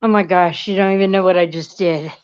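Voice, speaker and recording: A woman's voice: lowish voice, fairly even intonation, brisk, a little mellow, clear, resonant tone, no echo. A woman in a casual live chat, rambling and chatty, cooing in baby talk at her cat. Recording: dry, slightly muffled lo-fi audio.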